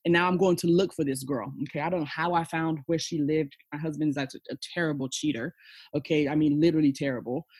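Husky, frank woman telling her story. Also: low voice, fairly even intonation, fast, darkish tone, no room sound. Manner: frank, emphatic, sprinkles "okay?" and "you know". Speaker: podcast guest. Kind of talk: candid personal storytelling in conversation.

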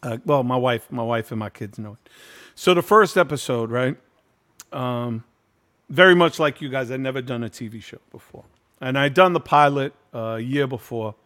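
A man's voice: medium pitch, moderate pace, fairly bright tone. A middle-aged man hosting a casual chat, telling a long story in loose street slang with plenty of swearing. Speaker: host.

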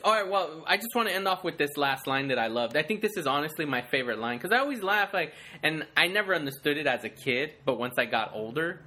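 A man's voice: on the high side, expressive, fast talker, few pauses, sharp tone. A man chatting casually as a podcast co-host, laughing often and acting out movie lines. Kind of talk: casual chat.

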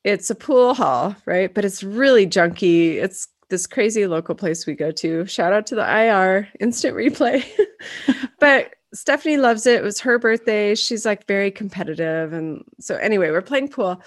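A woman's voice: mid-range voice, expressive, moderate pace, dry recording, clean studio sound. A woman co-hosting a podcast over a video call, telling stories in casual chat and talking around a dental retainer. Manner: chatty storyteller, talks through a dental retainer. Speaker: podcast co-host.

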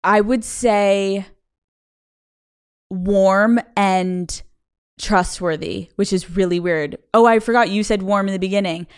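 A young woman, a comedian guest on a podcast, talking in an animated, emphatic way with quick asides. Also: mid-range voice, smooth. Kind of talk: casual interview chat.

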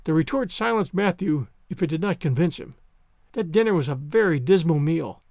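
A man reads a classic story aloud with expressive, theatrical narration. His voice sits high and swoops widely through each sentence, recorded dry and close with no room sound. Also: moderate pace, gravelly, dry recording. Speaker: audiobook narrator.

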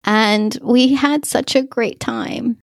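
A woman's voice: fairly high pitch, slow pace, dry recording, studio quality. A woman coach speaking in a reflective solo podcast monologue, heartfelt and effusive, laughing often and using many fillers.

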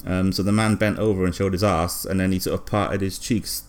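A man, co-hosting a comedy podcast, telling an absurd story deadpan with lots of fillers and hesitation. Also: low voice, brisk, smooth. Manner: rambling, hesitant, many fillers. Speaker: podcast co-host.

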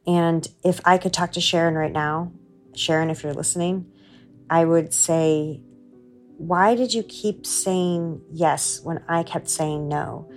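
A woman's voice: lowish voice, fairly even intonation, takes it slowly, faint music behind. A woman telling an earnest, heartfelt personal story for a podcast, voicing her own inner thoughts as she goes. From United States. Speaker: guest storyteller.

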